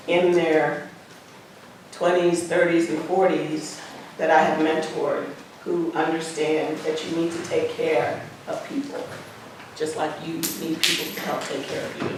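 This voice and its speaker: Woman in her sixties, echoey and distant. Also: low-pitched. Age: 60s. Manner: repeats phrases for emphasis, acts out quoted dialogue. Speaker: museum founder sharing life lessons. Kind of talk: earnest conversational storytelling. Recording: echoey room, mic far off, background noise.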